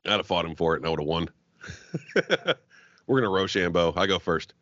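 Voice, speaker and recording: A man's voice: sits low, animated, a little fast, fairly bright tone, no echo, muffled recording. A man co-hosting a podcast, swearing freely and laughing as he jokes, with frequent stumbling restarts. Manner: profane, joking, laughs often, trailing restarts. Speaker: podcast co-host. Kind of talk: crude comedic podcast banter.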